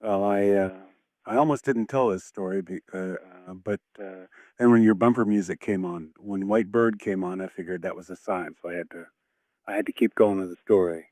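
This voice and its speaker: A man calling a late-night radio show, starting a personal story hesitantly, with many pauses and "uh"s. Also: low voice, steady tone, a little mellow, no echo, studio quality. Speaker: caller.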